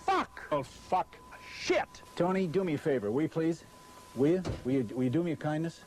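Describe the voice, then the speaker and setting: Reading lines for a promotional video in and around a vehicle on a hot set, a short-tempered spokesman swears and gets flustered every time he blanks in these scripted outtakes. He talks fairly quickly in a slightly high voice with a dark tone.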